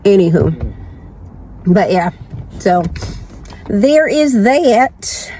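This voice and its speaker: A woman's voice: medium pitch, big pitch swings, drawn-out words, warm tone, slight background noise. A woman vlogger chatting casually from her car, congested from the flu, rambling and repeating herself. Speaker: lifestyle vlogger. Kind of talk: casual chat.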